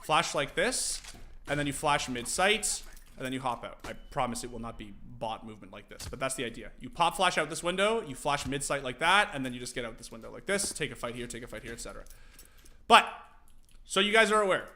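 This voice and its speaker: A young man casually streaming, teaching game tactics to his chat, animated and profane. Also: medium pitch, a little fast, a little hiss or hum. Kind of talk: casual livestream commentary.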